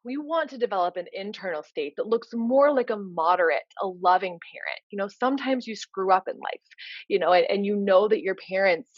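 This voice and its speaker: A woman's voice: mid-range voice, lively intonation, brisk, no room sound, lo-fi sound. A woman coach giving an informal lecture, earnest and explanatory, often filling with "you know". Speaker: leadership coach.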